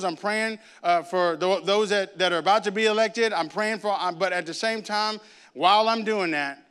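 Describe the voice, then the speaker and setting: A male pastor with a high, slightly bright, clear and resonant voice preaches a fervent sermon. He repeats himself, calls for amens from the congregation in call-and-response style, and raises his voice at times.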